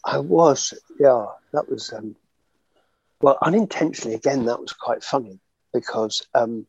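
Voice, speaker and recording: An older actor reminiscing in an interview, telling animated stories with frequent laughter and fillers. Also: male voice, medium pitch, unhurried, breathy edge, no echo, dull audio. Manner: chatty, animated storyteller, laughs often, many fillers. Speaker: actor guest.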